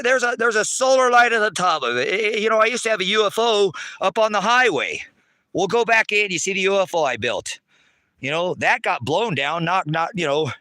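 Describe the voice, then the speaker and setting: Outdoors on his rural property, an online ministry host curses and rants angrily at viewers, recorded on a handheld phone with no echo. His high voice sounds pushed and bright, and he's heated and keeps repeating himself.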